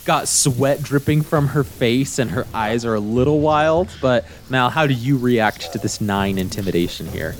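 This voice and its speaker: A man narrating as game master, animated and laughing often. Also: mid-range voice, moderate pace, hardly any pauses.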